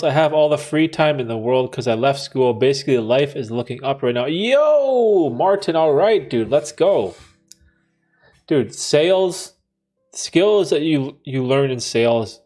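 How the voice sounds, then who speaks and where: Male livestream host at a mid-range pitch, easygoing slangy banter, reading chat aloud, music faint underneath. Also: a little slow, darkish tone. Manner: laid-back slangy banter, frequent laughter.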